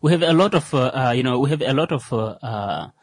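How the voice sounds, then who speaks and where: A man's voice: medium pitch, animated, a little fast, no echo. A man co-hosting a casual radio talk show, speaking hesitantly with many fillers and restarts. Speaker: co-host.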